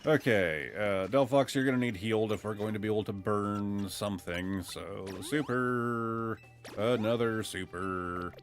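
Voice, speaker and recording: A man's voice: a little slow, soft background music. A man from Ohio streaming a game, chatting casually with a voice that jumps up and down and bursts out when things go his way. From Ohio, USA. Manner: lively pitch that jumps up and down, excitable outbursts. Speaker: gaming streamer. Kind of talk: casual gameplay commentary.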